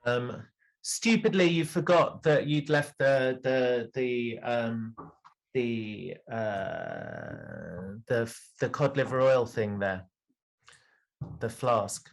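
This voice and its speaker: A man's voice: medium pitch, huge pitch swings, drawn-out words, vocal fry. A man improvising as a detective, laying out a murder accusation in a rambling way with many fillers. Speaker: improv performer playing a detective. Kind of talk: improvised theatre narration.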